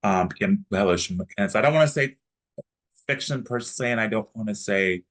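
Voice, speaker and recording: A man with a stutter, chatting as an interview guest in halting sentences with many restarts. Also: lowish voice, a bit bright, rough recording. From Texas, United States. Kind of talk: casual interview chat.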